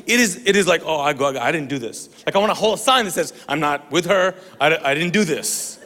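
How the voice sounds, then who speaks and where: A man from the Middle East preaching a sermon, telling a story with acted-out dialogue and moving between loud bursts and quiet, hushed lines. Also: a little high, animated, brisk. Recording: long reverb of a large hall.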